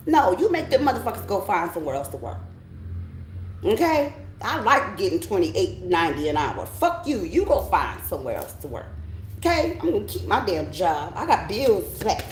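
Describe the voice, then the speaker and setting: A woman's voice: fairly high pitch, reverberant, a little hiss or hum, poor audio. Blunt, profane woman tarot reader. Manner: emphatic, blunt and profane, often checking in with listeners. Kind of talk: casual spiritual pep talk.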